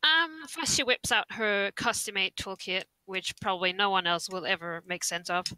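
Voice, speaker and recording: A young woman with a bright, crisp voice describes her character's actions at the gaming table. She talks in a loose, playful way, and the sound is dry and close. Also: medium pitch, moderate pace, no echo, poor audio. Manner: casual, playful, giggles while describing. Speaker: player.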